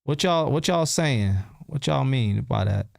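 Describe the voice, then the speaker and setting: A man's voice: mid-range voice, expressive, measured pace, vocal fry, darkish tone, no room sound, clean studio sound. A man hosting a casual livestream, answering his chat in loose, slangy talk and repeating rhetorical questions. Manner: repeats himself and fires rhetorical questions at viewers.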